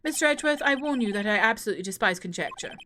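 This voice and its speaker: A woman's voice: a little high, lively intonation, rapid-fire, pushed and bright, slight background noise. A woman voicing a stern older male judge in a put-on posh English accent, prim and fussy.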